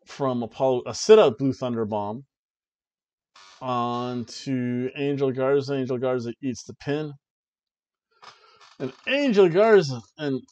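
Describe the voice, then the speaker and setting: A man co-hosting a podcast, casually recapping a wrestling show in an excited play-by-play way with jokey asides. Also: medium pitch, lo-fi sound. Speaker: podcast co-host.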